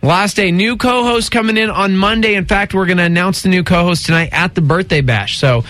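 A man's voice: high-pitched, a little fast, a bit bright, no room sound. A man hosting a morning radio show, chatting casually in a wry, joking way.

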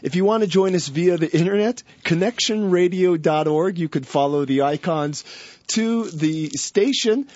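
A man's voice: on the high side, a little mellow, no room sound. A man hosting a radio show, upbeat and playful as he announces. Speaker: radio host. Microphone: studio microphone. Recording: dull lo-fi radio studio.

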